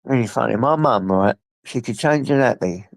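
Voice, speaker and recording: A man's voice: mid-range voice, normal speed, gravelly, no room sound. A man chatting casually on a live stream from his phone, rambling and talking to his pets, with a blocked nose from a coming flu. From England. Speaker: livestreamer.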